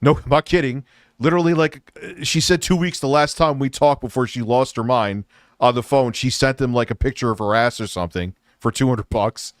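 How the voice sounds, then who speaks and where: A man's voice: medium pitch, brisk, no echo, clean studio sound. A man hosting a live stream, talking crudely and rambling with a lot of swearing. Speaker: livestream host. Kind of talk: casual live stream talk.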